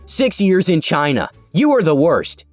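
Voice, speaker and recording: A man voicing a shrill, entitled middle-aged woman shopper who screeches her demands in a slow, condescending way. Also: very animated, no echo, soft background music. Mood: indignant. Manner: slow, exaggerated, condescending delivery.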